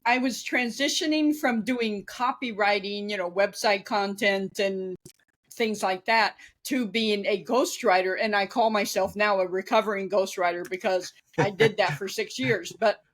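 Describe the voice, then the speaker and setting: A woman's voice: mid-range voice, fairly even intonation, moderate pace, fairly bright tone. A woman in her fifties, a guest author, talking candidly in an interview with easy laughter. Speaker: guest, author and former ghostwriter. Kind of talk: conversational interview.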